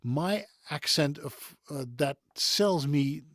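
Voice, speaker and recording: A man's voice: fairly high pitch, takes it slowly, a bit bright, no echo, studio quality. A middle-aged man from the Netherlands with a neutral European English accent, chatting as a voice-actor guest over a video call in a chatty, digressive way. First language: Dutch. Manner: chatty and digressive, chuckles between thoughts. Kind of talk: conversational interview.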